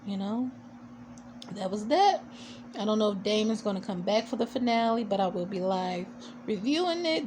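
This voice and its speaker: A woman's voice: mid-range voice, noisy background. A woman recapping a TV episode in a casual vlog, chatty and opinionated, with sassy asides and lots of fillers. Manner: chatty, full of "you know" and fillers. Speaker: TV show reviewer.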